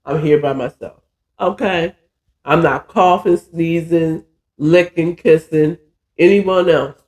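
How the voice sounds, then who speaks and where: A man's voice: a little high, fairly even intonation, takes it slowly, a little mellow. A man hosting a podcast, casually retelling a novel chapter with loose side comments and some swearing. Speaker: podcast host. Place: alone in a room. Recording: echoey room.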